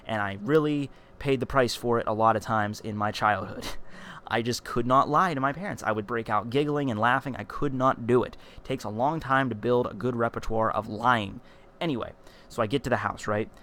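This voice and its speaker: A male vlogger telling a childhood story in a casual, animated way, rambling with frequent fillers and restarts. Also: medium pitch, slight background noise.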